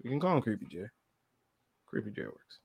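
A man co-hosting a podcast in casual chat, laid-back and quick to laugh along. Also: on the low side, huge pitch swings, gravelly, a little mellow, slightly rough. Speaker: podcast co-host.

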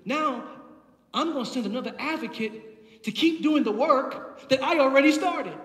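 High-voiced impassioned male preacher, echoey hall. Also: normal speed, fairly bright tone. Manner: impassioned, builds with repeated phrases. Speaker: pastor. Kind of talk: sermon.

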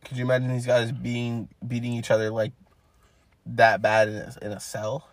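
A man's voice: mid-range voice, completely flat delivery, moderate pace, dry recording. Casting: guy co-host, loose rambling play-by-play with fillers, dry close sound. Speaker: podcast co-host. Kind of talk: casual match recap.

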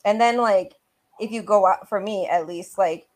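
A woman's voice: medium pitch, normal speed. A young adult woman co-hosting a casual chat, gossipy and full of "like" fillers. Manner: chatty, gossipy, filler-heavy. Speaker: co-host.

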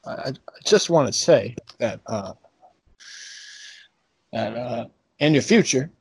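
A man doing a halting Southern-drawl phone psychic. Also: medium pitch, lively intonation, husky, no room sound, voice pushed down, exaggerated voice. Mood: mock-solemn. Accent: put-on Southern US. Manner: halting, stumbling over his words, cracking up. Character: male politician playing a phone psychic.

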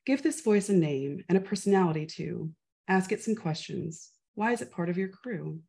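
A woman voicing a hopeful little spark of an idea, speaking softly and earnestly in a spoken-word poem. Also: on the low side, lively intonation, moderate pace, creaky. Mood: calm.

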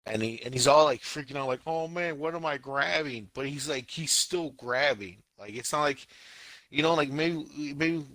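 Bright, animated young man ranting. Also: medium pitch, moderate pace, no room sound. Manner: animated, exasperated, acts out scenes in silly voices. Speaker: anime podcast co-host. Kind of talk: casual podcast review chat.

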